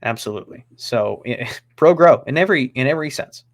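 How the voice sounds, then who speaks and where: Male host, animated pitch, easygoing, leads the banter. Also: a little fast. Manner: lively, steers the topics, joking. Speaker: podcast host. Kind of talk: casual chat.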